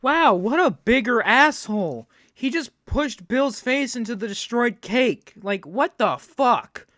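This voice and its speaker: A host reacts to a video clip with indignant, profane rants. The voice sits at a middle pitch and is recorded dry and close, with no room sound around it. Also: expressive, slow, a bit bright, no room sound.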